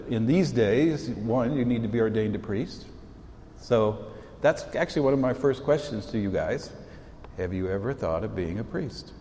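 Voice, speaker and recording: A bishop in his sixties gives students an informal talk, telling stories in a folksy, conversational way with warm asides. His voice is mid-range with a little hiss or hum, recorded in an echoey hall with long reverb and faint ambience.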